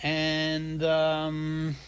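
A man's voice: on the high side, monotone, drawn-out words, clear, resonant tone. A man hosting a radio show, chatty and prone to correcting himself mid-sentence. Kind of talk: casual radio talk.

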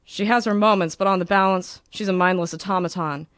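A woman's voice: on the low side, steady tone, a little fast, fairly bright tone, no room sound, lightly acted. Woman putting on a sardonic older gent, dry and languid. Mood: droll, sardonic. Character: older gentlemanly uncle, droll and sardonic.

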